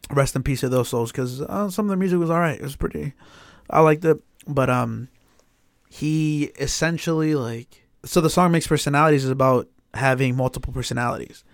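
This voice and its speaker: A man telling a story in casual chat, animated and swearing often, with lots of filler words. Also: mid-range voice, fairly quick, no room sound, clean studio sound.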